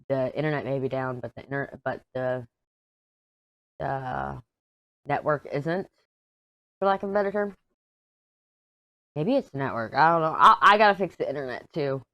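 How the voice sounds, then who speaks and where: A woman, chatting casually as a crafting vlogger in a hoarse, tired voice, rambling and self-deprecating. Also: a bass voice, normal speed, pauses often, no echo, dull audio. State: hoarse, worn out. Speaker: crafting YouTuber. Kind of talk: casual chat while diamond painting.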